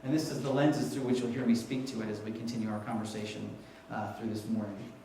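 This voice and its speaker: A man's voice: fairly low pitch, fairly even intonation, fast talker, dark tone, slight background noise. A man from New York giving a conference talk, telling a story and asking the audience questions. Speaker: conference speaker. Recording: echoey hall, mic heard from a distance.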